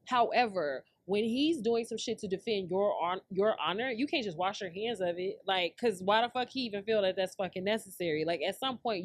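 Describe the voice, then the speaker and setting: A woman's voice: medium pitch, no echo, studio quality. Blunt, profane woman ranting hotly. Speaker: podcast host. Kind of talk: casual pop-culture commentary.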